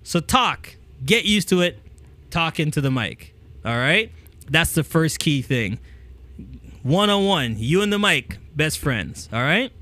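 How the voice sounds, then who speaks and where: Here a slightly high-voiced man takes his time, coaching casually to camera as he hosts a talk. He shares speaking tips into a handheld mic with plenty of energy, repeatedly checking in with "okay?" and showing the effect of moving the microphone toward and away from himself.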